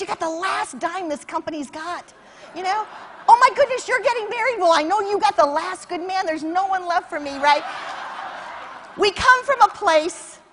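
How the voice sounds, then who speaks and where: A woman giving an energetic motivational keynote speech at a conference, telling stories and acting out conversations. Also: high voice, slight background noise. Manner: energetic, animated, acts out quotes. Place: conference stage.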